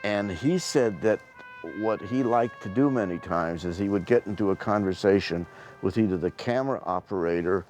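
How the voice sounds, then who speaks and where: A man's voice: deep voice, darkish tone. A male interviewer reflecting aloud and acting out a story he has read about a film actor. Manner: reflective, acts out a retold story. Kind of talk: interview conversation.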